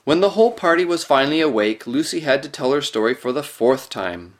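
A man narrating a storybook in an expressive, varied way. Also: medium pitch, fairly quick. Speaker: audiobook narrator.

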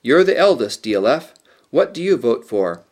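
A man's voice: mid-range voice, big pitch swings, normal speed, darkish tone, natural voice. A man voicing the eldest boy, a reluctant young king, in a storybook reading, firm and reasoning.

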